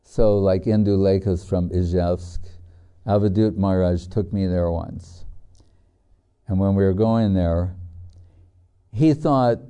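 Slow, dark-voiced man giving a devotional talk. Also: sits low, clean tone. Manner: storytelling, chatty with many fillers. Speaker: spiritual teacher. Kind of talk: devotional scripture lecture with anecdotes.

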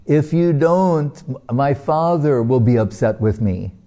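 A man's voice: medium pitch, steady tone, takes it slowly, dark tone, natural voice. A man voicing a pious five-year-old boy who pleads earnestly and tearfully with the deity during a devotional talk. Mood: pleading.

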